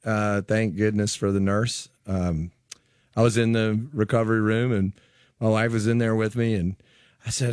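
Animated male musician telling stories, dry. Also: fairly low pitch, moderate pace, dry recording. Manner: animated storyteller, acting out quotes. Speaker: musician guest. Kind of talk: casual chat.

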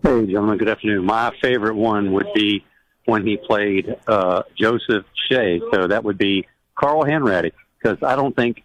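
Polite low-voiced caller on a phone line. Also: male voice, moderate pace. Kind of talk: call-in phone chat.

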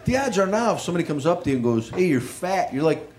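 A man doing self-deprecating stand-up and chatting with the audience, over loud crowd laughter. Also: fairly high pitch, big pitch swings, racing, heavy background noise. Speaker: stand-up comedian. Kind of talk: stand-up routine.

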